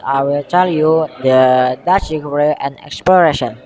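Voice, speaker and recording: A young man from Indonesia with an Indonesian accent, giving a school history presentation, halting and often correcting himself as he reads from notes. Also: on the high side, a little mellow, in a large hall, rough recording. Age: young adult. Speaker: student presenter.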